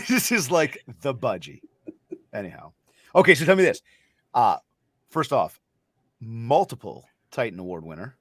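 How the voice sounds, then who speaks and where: A man's voice: medium pitch, big pitch swings, moderate pace, long pauses, dry recording, clean studio sound. A man hosting a podcast who reacts with enthusiasm and asks long, rambling questions. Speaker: podcast host. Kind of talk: casual interview talk.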